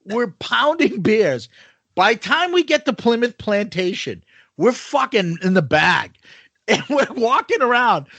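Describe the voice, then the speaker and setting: Husky, high-voiced laughing storyteller man. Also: sing-song, unhurried, fairly bright tone, dry recording, dull audio. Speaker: podcast co-host. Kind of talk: casual chat.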